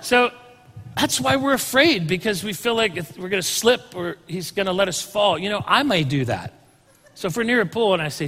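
A man's voice: high-pitched, animated, moderate pace, fairly bright tone, long reverb tail. A man preaching a sermon as a pastor, talking casually and asking the congregation questions. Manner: conversational, asks the congregation questions.

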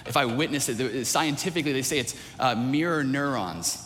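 A man's voice: mid-range voice, normal speed, a bit bright, long reverb tail, a little hiss or hum. A man preaching a sermon in a church, earnest, building his points with repeated phrases and restarts. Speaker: pastor.

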